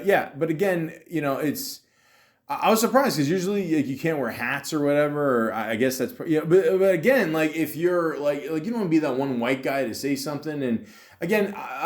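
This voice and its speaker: Profane rambling male podcast host. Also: medium pitch. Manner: profane, rambling, jokey, many fillers and restarts. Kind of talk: casual storytelling monologue.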